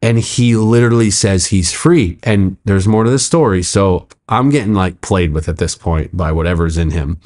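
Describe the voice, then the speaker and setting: A pastor telling a story in casual conversation, animated and acting out quotes, with frequent laughter. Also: male voice, low-pitched, moderate pace, few pauses. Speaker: pastor, podcast guest.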